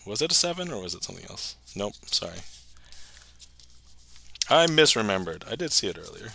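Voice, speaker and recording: A man's voice: on the low side, big pitch swings, brisk, vocal fry, pushed and bright, a little hiss or hum. A young man hosting a casual livestream, chatting with viewers, laughing often and replying to chat. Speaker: magic livestreamer.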